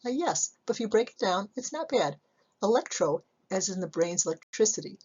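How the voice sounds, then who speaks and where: A woman psychology instructor giving a recorded slide lecture, measured and explanatory, often asking rhetorical questions. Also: mid-range voice, animated, darkish tone, slightly rough, dull audio.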